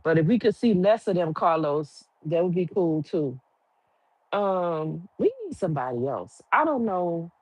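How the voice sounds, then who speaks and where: A woman's voice: lowish voice, big pitch swings, unhurried, darkish tone, dry recording, low-quality recording. A woman giving a casual, opinionated recap of a TV episode, firing off rhetorical questions in colloquial speech. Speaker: TV recap reviewer. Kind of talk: casual chatty review.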